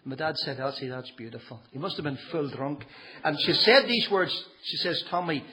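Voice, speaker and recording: A man's voice: a little high, animated, moderate pace, bright, forceful tone, poor audio. A middle-aged man giving a humorous church testimony, telling a family story and acting out the quotes.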